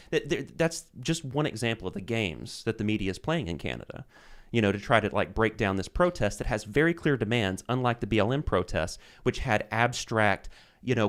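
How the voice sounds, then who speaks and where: A man on a political talk show, talking in an animated way and often slipping into quoted voices. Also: lowish voice. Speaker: podcast guest.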